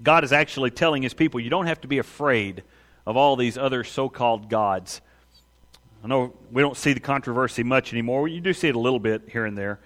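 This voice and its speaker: A man preaching a sermon to his congregation, animated and emphatic, often calling out for an amen. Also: mid-range voice. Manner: animated preaching with quick acted voices; asks the congregation for amens. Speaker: pastor.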